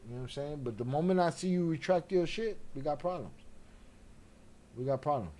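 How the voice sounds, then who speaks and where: Loud-mouthed guy reacting on a live stream, swearing a lot, lively up and down voice. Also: on the high side, a little fast. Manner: brash, profane, trash-talking.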